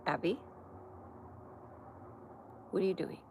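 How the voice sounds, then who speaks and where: A woman's voice: fairly low pitch, a little mellow, slight background noise, low-quality recording. Chatty American woman hosting a live stream. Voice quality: stuffy nose. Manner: fast, chatty, talks to pets and viewers. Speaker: host of a live comedy stream. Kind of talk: casual live-stream chat. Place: home.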